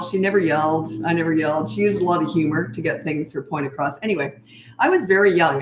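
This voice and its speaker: A woman in her sixties with a fairly low voice, chatting through a casual parenting Q&A. She tells stories in a loose, rambling way, full of fillers and little laughs. The sound is roomy, with the room's echo plainly heard. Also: slight background noise. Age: 60s. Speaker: parenting coach. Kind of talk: casual livestream Q&A.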